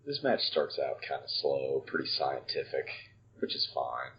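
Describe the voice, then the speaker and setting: Super deep-voiced guy, dry humor, dull lo-fi podcast sound. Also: very animated, a little slow. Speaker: podcast co-host. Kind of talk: casual chat recapping wrestling.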